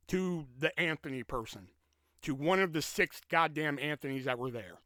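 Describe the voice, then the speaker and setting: A man hosting his own podcast, venting about a bad night in a loose, profanity-laced ramble. His voice is bright and forceful, sitting a little high for a man. The sound is dry and close to the mic. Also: normal speed, no room sound. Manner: profane, rambling, animated retelling. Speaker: podcast host. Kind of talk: casual storytelling rant. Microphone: podcast mic with pop filter.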